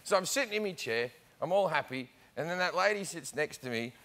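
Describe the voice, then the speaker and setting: A man with an Australian accent, a comedian telling an animated anecdote on a talk show. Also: a little high, brisk. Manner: animated storytelling, acting out voices. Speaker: comedian guest.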